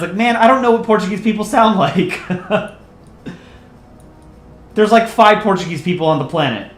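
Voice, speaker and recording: A man's voice: high voice, lively intonation, normal speed, pauses often, fairly bright tone. A man hosting a livestream, casually chatting and joking through viewer messages in a rambling, self-deprecating way. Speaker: livestream host and channel voice actor. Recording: roomy echo, faint ambience.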